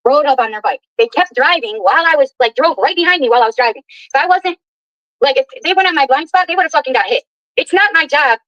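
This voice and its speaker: A woman's voice: high-pitched, lively intonation, fast talker, a bit bright, no room sound, muffled recording. A woman ranting indignantly and with heavy profanity on a livestream while driving her car.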